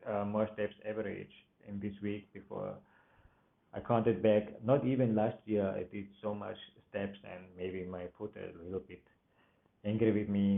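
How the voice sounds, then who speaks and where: A man with a grasp of telling a personal story in a halting, emotional way, full of restarts and broken grammar. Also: fairly low pitch, creaky. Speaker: vlogger. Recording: tinny phone-like audio.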